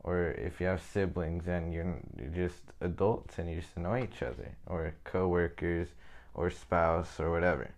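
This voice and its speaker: A man's voice: sits low, fairly even intonation, normal speed. A young man giving an informal, rambling Bible lesson, often checking in with "okay?". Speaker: Bible study teacher.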